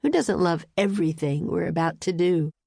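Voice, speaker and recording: Keen young boy, voiced by a woman in a kids' storybook, excited and earnest. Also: lowish voice, normal speed, creaky, husky, no room sound, clean studio sound. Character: enthusiastic young boy, bookish.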